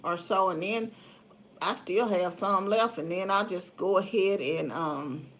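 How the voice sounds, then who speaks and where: Speaking unhurriedly in a lower-leaning voice, this middle-aged woman hosts a casual livestream, chatting with viewers in a folksy way and laughing a lot. She's from the Memphis area in the USA, and there's a little hiss or hum in the audio.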